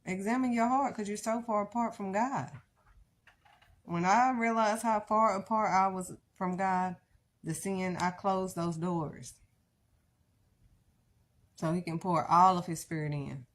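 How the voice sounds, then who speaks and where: A woman's voice: mid-range voice, fairly even intonation, unhurried, long pauses. A middle-aged woman preaching bluntly on a live stream, pressing the listener with rhetorical questions. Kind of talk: impassioned live-stream sermon.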